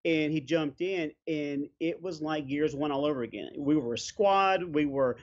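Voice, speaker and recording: A man's voice: fairly high pitch, moderate pace. A man hosting a casual interview, rambling and hesitant as he leads into his questions. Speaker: podcast host. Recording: dull lo-fi sound.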